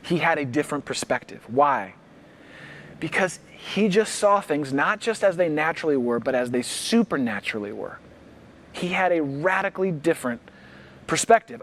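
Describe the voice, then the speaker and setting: A male pastor preaching a livestreamed sermon with no congregation present, acting out worried reactions and repeating key lines slowly for emphasis. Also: on the high side, expressive. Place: church, livestreamed without congregation.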